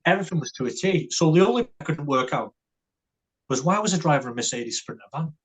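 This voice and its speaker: Husky man telling a story. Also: fairly high pitch, expressive, quick pace. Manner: stammers and restarts, tags lines with "right?" and "mate". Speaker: podcast guest. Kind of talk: casual storytelling.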